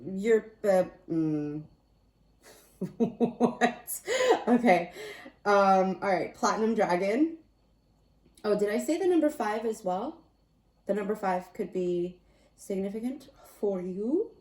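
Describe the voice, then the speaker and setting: A woman's voice: mid-range voice, animated, slow, long pauses, darkish tone. A woman casually doing a spiritual card reading, talking in a meandering, chatty, self-amused way. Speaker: tarot and oracle card reader. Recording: roomy echo, distant mic.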